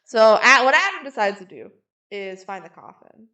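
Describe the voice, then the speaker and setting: A chatty woman co-hosting a movie podcast, her voice sitting a little higher than most. She recaps scenes in a loose, conversational way and keeps slipping into quick impressions of the characters. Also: very animated, bright, forceful tone. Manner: chatty, retells scenes with quick acted quotes and laughs. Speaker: podcast co-host. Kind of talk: casual movie recap chat.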